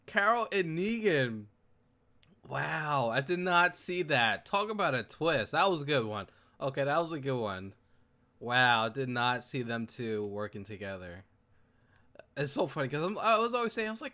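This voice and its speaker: A man reacting to a TV episode in casual commentary, prone to loud excited outbursts and repeated exclamations. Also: a little high, normal speed. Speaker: reaction video host.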